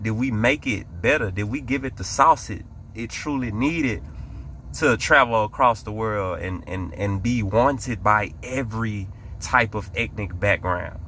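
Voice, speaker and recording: A man's voice: fairly low pitch, pushed and bright, a little hiss or hum. An American man hosting a reaction video, asking one rhetorical question after another in casual slang. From United States. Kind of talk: reaction commentary.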